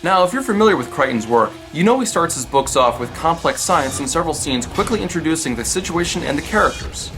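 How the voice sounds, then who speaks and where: A man narrates a comedic film review in a slightly high voice that swings widely up and down. His delivery is sarcastic and lively, with dry jokes dropped between points. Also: fast, hardly any pauses, music in the background.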